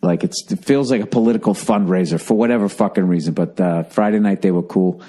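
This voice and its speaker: Low, hushed profane podcast host. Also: male voice. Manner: profane, rambling, deliberately hushed. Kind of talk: casual solo podcast rant. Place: his home, early morning.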